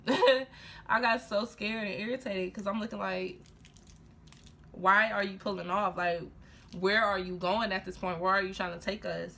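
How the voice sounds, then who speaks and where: A woman's voice: mid-range voice, measured pace, vocal fry. A young woman casually telling a personal story in a getting-ready vlog, talking animatedly with lots of fillers and restarts. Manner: animated, heated retelling full of fillers and laughs. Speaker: vlogger.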